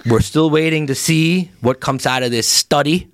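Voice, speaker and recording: A man's voice: a little high, normal speed, dry recording, studio quality, lightly acted. A man playing a chatty Pennsylvania Dutch lodge secretary, spinning a rambling comic tale in a folksy Pennsylvania Dutch accent. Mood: folksy, amused. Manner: rambling, animated, acts out every speaker in the tale. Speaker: podcast contributor telling a story. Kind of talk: comedic character storytelling.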